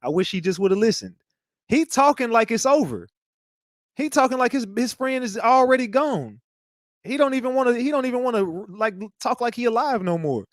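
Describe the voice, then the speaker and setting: A man's voice: extremely high pitch, animated, normal speed, no echo, studio quality. A man hosting a live commentary show, talking in a rambling, profane way and repeating himself. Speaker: host.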